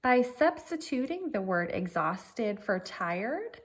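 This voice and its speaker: A woman's voice: mid-range voice, big pitch swings, takes it slowly, breathy edge. A woman teacher giving a virtual writing lesson, working through her draft methodically and thinking aloud step by step.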